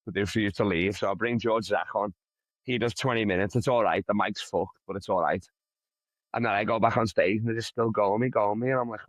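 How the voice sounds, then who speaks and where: A man's voice: on the low side, fairly quick, no echo. A male comedian telling a rambling, profane story in a casual interview. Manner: profane, rambling, animated anecdote. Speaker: comedian guest.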